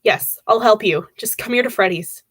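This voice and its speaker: A woman voicing a calm, patient young man on the phone while reading a horror novel aloud. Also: mid-range voice, normal speed, husky, dry recording, studio quality. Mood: soothing.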